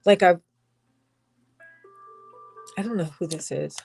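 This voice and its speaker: A woman giving a personal tarot reading, emotional and halting, crying as she talks, with sighs and soft whispered asides. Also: fairly low pitch, creaky, breathy edge, faint music behind, poor audio. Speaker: tarot reader.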